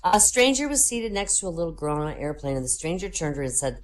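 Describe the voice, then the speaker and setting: A woman's voice: low voice, fast, few pauses, a little hiss or hum. A woman hosting a comedy show, telling jokes and giving the characters their own voices. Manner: lively joke-telling, voices characters in quotes.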